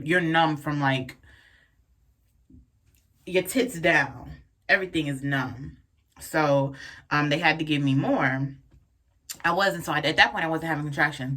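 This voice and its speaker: Frank, animated young woman telling a story. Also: low voice. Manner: animated, frank and profane, with lots of fillers. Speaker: vlogger telling a birth story. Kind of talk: casual storytime vlog.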